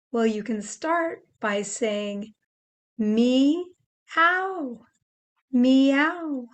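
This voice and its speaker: An older woman gently teaching children how to make animal sounds, explaining each step patiently. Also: a little high. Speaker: children's presenter.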